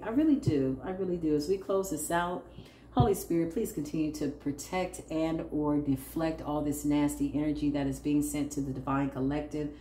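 A woman's voice: sits low, mellow. A woman giving a casual tarot reading to her viewers, blunt and sassy, laughing as she talks. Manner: sassy, blunt, laughing, calls listeners "child". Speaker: tarot reader. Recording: echoey room with faint noise.

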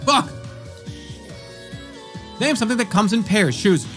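A man in his thirties streams a quiz game at a desk mic, his slightly high voice swinging wildly as he jokes and reads out chat answers. Faint game music plays behind him. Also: animated, unhurried, a bit bright. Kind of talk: casual livestream commentary.

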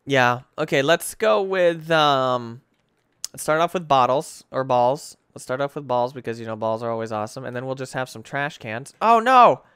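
A young man rambling through casual gameplay commentary as a gaming video host, excitable and full of filler words. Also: mid-range voice, moderate pace, clean tone, dry recording, clean studio sound. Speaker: gaming YouTuber.

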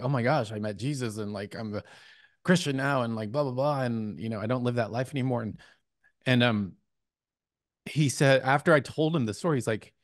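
A man's voice: mid-range voice, no room sound. Man, podcast host, casual chat, hesitant, many ums, dry room.

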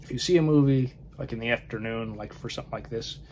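A man with a medium-pitched, darkish voice talks quickly in a casual film-chat vlog, wandering between thoughts and often dropping to a murmur. Slight background noise runs underneath.

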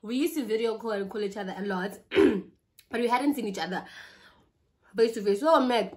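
Over a meal, a young South African-accented vlogger in her twenties chats through a story, mixing languages mid-sentence while fighting a flu and cough. She speaks at normal speed in a slightly high, slightly mellow voice.

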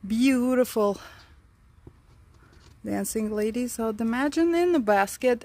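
Touring her outdoor orchid garden on camera, a woman who grows orchids and runs the channel chats casually, panting from the heat and talking to the plants and the viewers. Her voice is a little high and a little mellow, slow, with long pauses.

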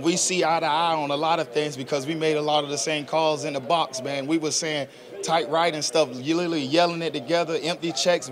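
A young man in his twenties talks earnestly and casually, slangy, as a football player at a press interview. His voice sits a touch high for a man, and a crowd murmurs steadily behind him. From South Georgia, US. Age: 20s.

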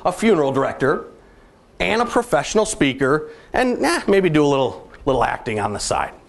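A middle-aged man giving a motivational keynote speech, telling stories and landing jokes with comic timing. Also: a little high. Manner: animated, comic storytelling with punchlines. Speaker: keynote speaker.

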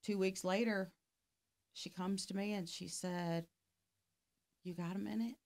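A woman's voice: medium pitch, fairly even intonation, measured pace, a little mellow. A middle-aged woman, a life coach, telling a story in casual conversation and acting out both sides of the dialogue. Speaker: podcast guest, life coach.

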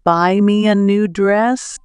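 A woman's voice: medium pitch, steady tone, slow pace, a little mellow, clean tone, no echo, studio quality, close to an everyday voice. A woman reading the lines of a poor man's discontented wife in a storybook tale, demanding in her own plain voice.

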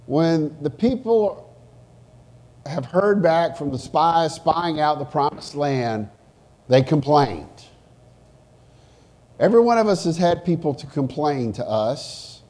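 Pastor guy preaching, mellow warm tone, voice jumps all over, loud then hushed. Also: on the high side, takes it slowly, pauses often. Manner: animated, swings from loud emphasis to hushed asides. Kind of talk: sermon. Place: church sanctuary.

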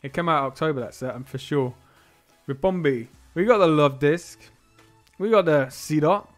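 A man with a slightly raised voice talks in a loose, chatty live-stream manner. He is excitable, laughs easily and lets some remarks drop to a near whisper. Soft music plays quietly underneath. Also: on the high side, normal speed. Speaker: streamer opening trading card boxes. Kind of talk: casual live-stream chat.

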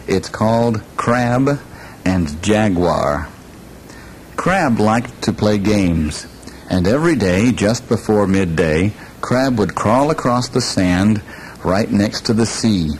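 A man reading a children's story aloud, slow and lilting, inviting listeners to join in on the repeated parts. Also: fairly low pitch, expressive, a little hiss or hum, rough recording.

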